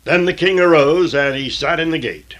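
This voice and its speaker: A man reading scripture aloud in a deliberate, old-fashioned diction, stopping now and then for plain explanatory asides. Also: fairly high pitch, fairly bright tone. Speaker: Bible reader and teacher.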